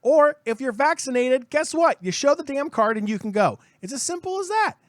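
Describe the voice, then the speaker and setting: A man's voice: very high voice, expressive, moderate pace, no echo, studio quality. A man co-hosting a gaming podcast, ranting heatedly and emphatically and hammering points home through repetition. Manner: heated, emphatic, repeats himself. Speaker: podcast co-host. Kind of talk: opinionated podcast rant.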